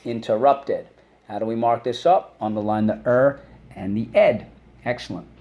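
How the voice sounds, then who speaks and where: A man teaching a phonics lesson for children, patient and encouraging, saying words aloud and pausing for the class to repeat them. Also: mid-range voice, dull audio. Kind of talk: phonics lesson with call-and-response drills.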